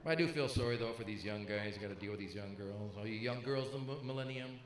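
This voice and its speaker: In an echoey live club full of crowd noise and laughter, a fifty-something comedian teases the audience with quick, punchy jokes. His voice is medium-pitched, animated and fairly bright.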